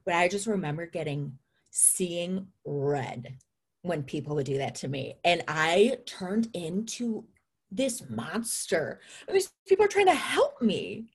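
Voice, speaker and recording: A woman's voice: medium pitch, expressive, normal speed, husky. A young woman in casual chat, talking openly and reflectively and laughing often.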